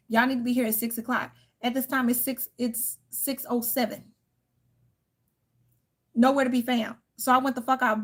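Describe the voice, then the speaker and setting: A woman, telling a heated, profane story to her viewers. She sounds tired and irritated. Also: a little high. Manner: heated, profane, animated storytelling with quoted outbursts. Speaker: tarot reader and channel host. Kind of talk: casual venting story to viewers.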